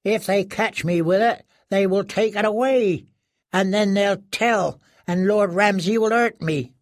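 A man's voice: high-pitched, a little slow, no echo, clean studio sound, pitched above the performer's own voice. A man voicing a starved, broken male prisoner who pleads in a thin, weak, quavering voice, stammering and repeating himself. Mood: terrified pleading. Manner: desperate pleading, stammering repetitions.

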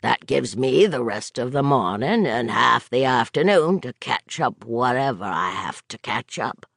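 A man's voice: mid-range voice, animated, measured pace, vocal fry, fairly bright tone, no echo, clean studio sound, voice pushed down, exaggerated voice. A man voicing a plain-spoken, folksy middle-aged working-class mechanic. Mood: easygoing.

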